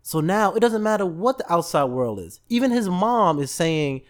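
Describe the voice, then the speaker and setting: A man, hosting a casual motivational podcast and telling stories with lively, acted-out voices. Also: high voice, moderate pace. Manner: animated storytelling, acts out voices in quotes, laughs often. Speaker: podcast host.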